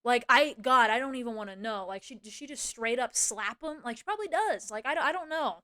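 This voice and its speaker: A young woman with a fairly high voice vents to her stream chat about a fight at work. She talks casually, swears a lot, and fills her speech with "like" and "you know". She speeds up in quick bursts when she quotes what she said. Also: no room sound, clean studio sound. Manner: swears freely, many fillers like "like" and "you know"; animated, quick bursts when quoting herself. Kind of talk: casual storytelling rant to chat.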